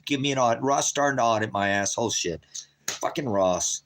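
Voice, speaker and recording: A man's voice: mid-range voice, brisk, a bit bright, a little hiss or hum. A man on a livestream at home, ranting in a profane, taunting way at people in his chat. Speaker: livestream host. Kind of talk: angry livestream rant. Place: at home by a wood stove.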